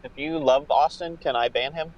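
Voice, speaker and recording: A man's voice: a little high, moderate pace, highs cut off. Crude teasing man chatting. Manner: crude, teasing, swears a lot. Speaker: friend on call. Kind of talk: casual chat.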